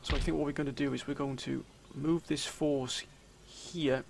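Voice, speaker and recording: A man commentating his strategy game, theatrically addressing viewers as sir and gentlemen. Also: mid-range voice, fairly even intonation, moderate pace, vocal fry, noisy background. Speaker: let's play commentator.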